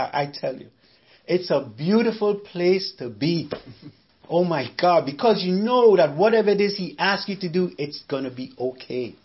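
High-voiced man preaching emphatically. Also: highs cut off. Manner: emphatic, repeats phrases, rhetorical questions. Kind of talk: sermon.

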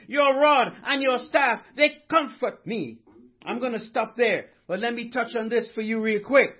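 A man's voice: very high-pitched, slightly rough, highs cut off. A male pastor preaching a sermon, fervent and repetitive, stressing each line with conviction. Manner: fervent, repeats lines with conviction.

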